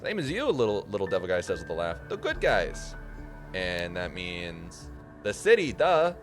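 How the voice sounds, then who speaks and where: A man's voice: sits low, huge pitch swings, moderate pace. A man voicing a small, smug male imp who works as a clerk, reading the lines in a wry, matter-of-fact way over game music.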